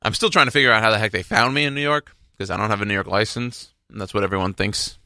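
A young man hosting a radio show, chatting casually into a studio microphone. His low voice has a gravelly edge and a bright, forceful tone. He rambles through his stories with frequent restarts, and the sound is dry and close. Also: fairly even intonation, fast talker, dry recording. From Texas.

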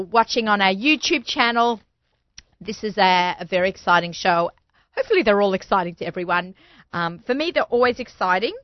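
A woman's voice: mid-range voice, no echo. A woman with an Australian accent hosting a casual radio interview, chatty and laughing often. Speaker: radio show host. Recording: dull lo-fi studio sound, dry.

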